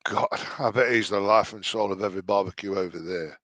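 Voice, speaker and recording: A man's voice: fairly low pitch, sing-song, a little fast, hardly any pauses, fairly bright tone, no room sound. A man giving mocking, exasperated reaction commentary on a video, swearing freely.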